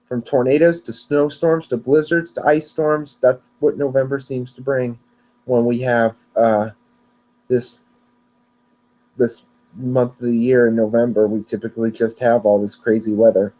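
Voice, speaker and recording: Man, podcast host, casual solo talk, mellow dark tone, rambling, self-correcting, sleepy. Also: medium pitch, flat delivery, unhurried. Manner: rambling, restarts and corrects himself. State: yawning, sleepy.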